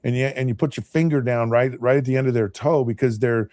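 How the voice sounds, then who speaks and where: A man's voice: medium pitch, fairly even intonation, quick pace, mellow, no room sound, clean studio sound. A man in his fifties, a podcast host and former quarterback, telling a long story casually, restarting and repeating words as he goes.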